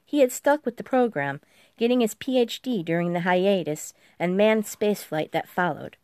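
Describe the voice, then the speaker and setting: A woman narrating an audiobook in a steady, even storytelling manner. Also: mid-range voice, moderate pace, clear, resonant tone, dry recording, clean studio sound. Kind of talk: scripted narration.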